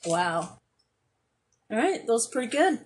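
Give me a woman podcast co-host in casual chat who swears a lot and speaks slowly. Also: mid-range voice, slight background noise. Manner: swears a lot, trails off searching for words.

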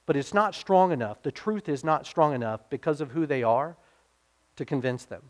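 A middle-aged male pastor delivering a sermon in an earnest, conversational manner. His voice sits a little high for a man, and he keeps checking that his listeners follow along. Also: expressive, normal speed. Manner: earnest, conversational preaching with frequent "okay?" and "right?" checks.

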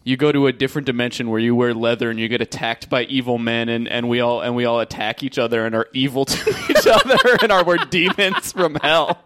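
A man's voice: medium pitch, fast talker, few pauses, a bit bright, clear, resonant tone, no echo. A man co-hosting a casual chat, rambling and joking with frequent restarts. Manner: rambling, jokey, stumbles over restarts.

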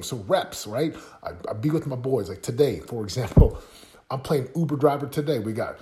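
A man's voice: medium pitch, darkish tone. A man hosting a podcast, giving a motivational talk in short, punchy phrases full of rhetorical questions. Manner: punchy, repetitive coaching delivery with rhetorical questions. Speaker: podcast host.

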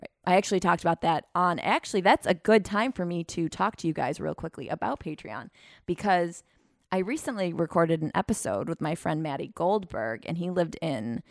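A woman's voice: lowish voice, lively intonation, a little fast, no echo, clean studio sound. A young woman hosting a podcast, talking in a rambling, self-deprecating way in casual chat. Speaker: podcast host.

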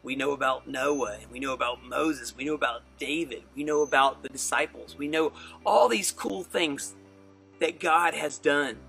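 Male pastor, casual animated sermon; bright, fairly high voice, faint music behind. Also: normal speed, vocal fry. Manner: animated storytelling, casual and enthusiastic.

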